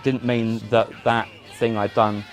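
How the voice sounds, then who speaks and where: A man, a musician guest in a casual chat, telling animated stories with frequent restarts. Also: medium pitch, unhurried, soft background music. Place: indoor chat.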